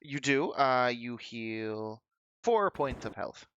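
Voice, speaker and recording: A man's voice: medium pitch, lively intonation, takes it slowly, fairly bright tone, smooth, lo-fi sound. A man casually running a tabletop game as game master, explaining rules with joking asides.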